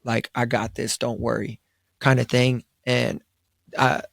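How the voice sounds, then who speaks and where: Seated at a studio table, a young man co-hosting a podcast drawls through a lengthy personal story in a gravelly, fry-tinged voice of ordinary pitch. His pace is measured and his pitch barely moves as he casually quotes himself ("I was like"), filling and restarting often. The recording is close and dry, without echo.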